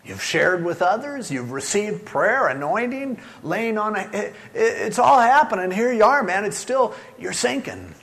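An older man preaching a sermon as pastor, urging his listeners and swinging from loud pushes to hushed, low lines. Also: animated, unhurried, few pauses.

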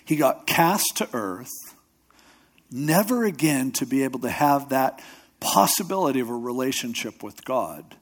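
Very animated and unhurried, a medium-pitched man delivers a conversational sermon; he pastors a church and hosts a radio show. Storytelling is his mode, with quotes acted out in other voices and loose talk full of restarts and asides.

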